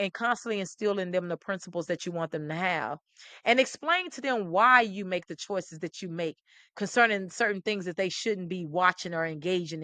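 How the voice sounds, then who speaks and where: A middle-aged woman host, talking with animated, preachy emphasis and repeating phrases. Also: mid-range voice, dry recording. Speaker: talk show host. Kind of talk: impassioned commentary to camera.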